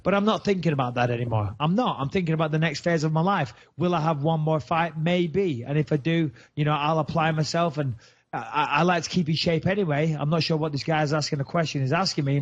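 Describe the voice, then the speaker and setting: A man's voice: on the high side, quick pace. A man from England, hosting a podcast in brash, boastful, swearing banter. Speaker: podcast host. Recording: dull lo-fi sound.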